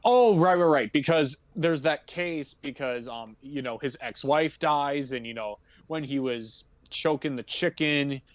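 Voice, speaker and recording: A man's voice: on the high side, unhurried, hardly any pauses, no echo. A man co-hosting a movie podcast in casual chat, rambling through plot recaps and filling gaps with "you know" while laughing often. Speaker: podcast co-host.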